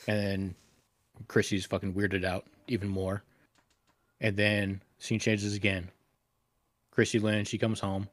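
A man with a fairly low voice co-hosts a casual podcast, rambling and cursing as he recounts a story. The sound is dry and close, with little room echo. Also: flat delivery, measured pace. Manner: crude, rambling retelling with profanity. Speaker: podcast co-host.

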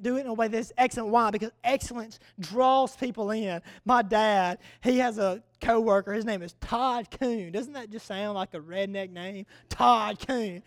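Young male preacher with a very high voice, dry close sound; storytelling sermon, repeats key words. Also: a bit bright, dry recording.

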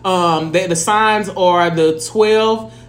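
A woman's voice: on the low side, slow. A woman, co-hosting a casual chat, blunt and profane, who keeps saying "you know what I'm saying.".

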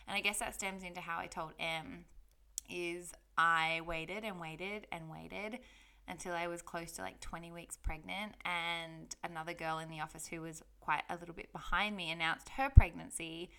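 A woman's voice: on the low side, fairly even intonation, moderate pace, sharp tone, clear, resonant tone. A young woman telling her personal story in a candid, heartfelt, chatty way on her vlog. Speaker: vlogger.

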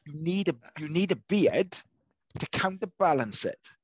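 A man's voice: fairly high pitch, expressive, normal speed, husky, no room sound, lo-fi sound. A man co-hosting a casual video call chat, teasing his co-host playfully.

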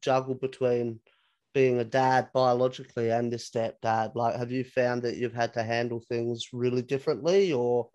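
A man hosting a podcast, asking questions in a relaxed, conversational way. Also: mid-range voice, normal speed, dull audio. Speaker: podcast host. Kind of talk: casual podcast interview.

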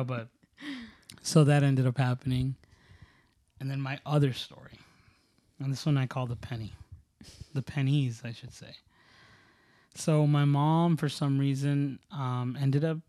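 In a casual chat, a man shares childhood stories, rambling, restarting, and peppering his speech with "like" between bursts of laughter. His mid-range voice is warm and unhurried, with fairly even intonation and long pauses. The recording is dry and studio quality.

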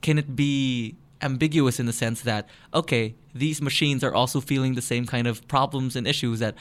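A man of middle pitch on a casual podcast, talking eagerly and at length. He restarts his sentences often as he builds up an explanation, keeping an easy, chatty tone. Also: steady tone, moderate pace. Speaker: podcast co-host.

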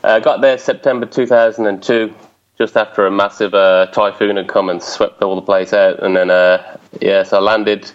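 Guest, male, Birmingham accent, animated storyteller, muffled remote-call sound. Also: fairly low pitch, normal speed. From England. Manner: animated storyteller who mimics voices. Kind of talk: casual chat.

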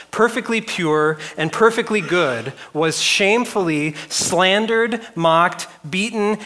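A man's voice: on the high side, bright, forceful tone. A man preaching a sermon as pastor, driving his points home through long rhetorical lists and repeated questions.

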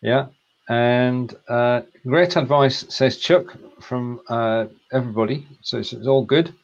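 A man hosting a casual live-stream chat, relaxed and chuckling as he reads out comments. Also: medium pitch, unhurried, muffled recording. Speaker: host.

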